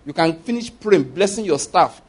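A man preaching an animated sermon, his voice husky and a little high for a man. He repeats his points and keeps asking the listeners whether they follow. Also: moderate pace. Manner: animated preaching, acting out prayers and dialogue; repeats phrases and asks the audience for agreement. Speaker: pastor.

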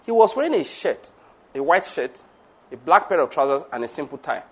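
Speaking fairly quickly in a sing-song manner, a middle-aged pastor drives home his church sermon with emphatic preaching and one rhetorical question after another. His voice runs high for a man and has a husky, breathy edge.

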